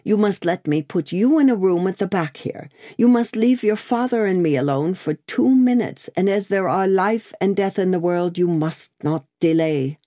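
A woman's voice: on the low side, moderate pace, few pauses, warm tone, no echo, clean studio sound, close to an everyday voice. A woman reading the part of an elderly male banker, anxious and protective, speaking in an urgent, pleading way in an audiobook. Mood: firm urgent.

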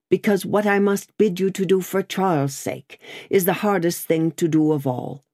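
A woman's voice: on the low side, mellow, no room sound, clean studio sound. A woman reading the part of an elderly male banker, anxious and protective, speaking in an urgent, pleading way in an audiobook.

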